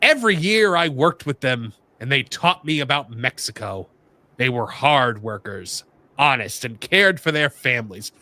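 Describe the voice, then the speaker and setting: A man putting on a slow, low cowboy drawl to read out a wrestler's promo. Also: lively intonation, pushed and bright. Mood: earnest.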